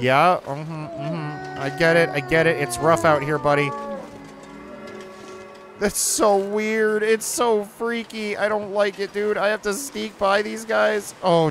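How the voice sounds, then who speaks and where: A man's voice: fairly high pitch, measured pace, fairly bright tone, a little hiss or hum. A young man hosting a gaming video, giving jumpy, swearing let's play commentary while talking to himself and his viewers. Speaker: gaming channel host.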